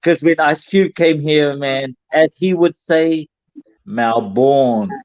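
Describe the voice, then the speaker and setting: A man's voice: on the high side, fairly even intonation, slow pace, clear, resonant tone, dry recording. Apologetic New man, dull audio. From New Zealand. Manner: apologetic, laughs, playful. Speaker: podcast guest. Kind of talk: casual chat.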